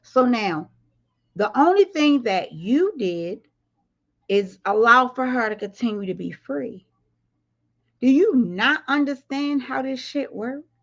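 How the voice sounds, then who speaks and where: Blunt, high-voiced woman ranting on a livestream. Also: highs cut off. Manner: blunt, profane, addresses viewers directly. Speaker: livestream commentary host. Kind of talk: casual livestream commentary.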